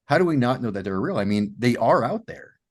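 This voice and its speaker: A man from Massachusetts, a podcast guest, telling his story in an animated way with many "you know" fillers. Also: medium pitch, a little fast. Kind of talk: storytelling in an interview.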